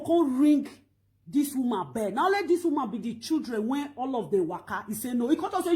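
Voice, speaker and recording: Middle-aged Nigerian woman vlogger, high voice, emphatic storyteller who mixes Pidgin and English. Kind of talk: animated storytelling.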